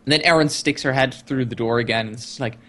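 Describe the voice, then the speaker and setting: A man co-hosting a casual chat, retelling a TV episode with expressive storytelling and animated quoting of characters. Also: medium pitch, fast talker. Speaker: podcast co-host recapping a TV episode.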